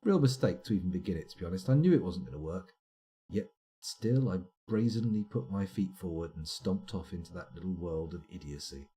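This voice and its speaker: A man's voice: deep voice, lively intonation, a little fast, dark tone. A man streaming live gameplay commentary, chatty and self-mocking with wry asides. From United Kingdom.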